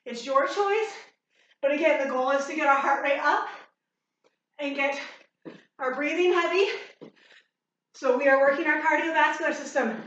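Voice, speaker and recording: A woman's voice: high-pitched, normal speed, long pauses, fairly bright tone, heavy reverb, far from the mic, muffled recording, a little hiss or hum. A woman fitness instructor leading a workout, cueing moves while exercising and getting out of breath.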